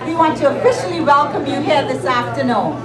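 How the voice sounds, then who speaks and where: A woman's voice: high-pitched, fairly quick. A woman emceeing a luncheon and making formal welcoming announcements. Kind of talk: event hosting. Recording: echoey hall from far off, loud crowd noise.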